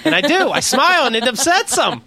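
A man's voice: extremely high pitch, big pitch swings, brisk, pushed and bright. A man from Pennsylvania co-hosting a podcast, telling an exasperated, profane story in casual comedic chat. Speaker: podcast co-host.

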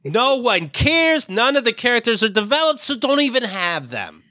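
A man's voice: extremely high pitch, very animated, moderate pace, sharp tone, no room sound, studio quality. A man co-hosting a podcast in casual chat, blunt, sarcastic and swearing freely. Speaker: podcast co-host.

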